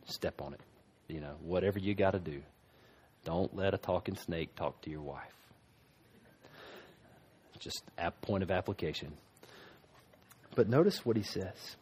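A man preaching a sermon as pastor, emphatic, moving between loud stresses and hushed asides. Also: low voice, measured pace, long pauses, slight background noise.

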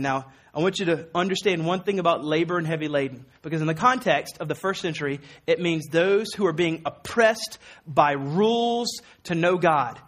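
A man's voice: on the high side, moderate pace, fairly bright tone. A man preaching a sermon as a pastor, earnest and emphatic, conversational with repeated words and fillers. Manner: earnest and emphatic, quoting Jesus with rising force.

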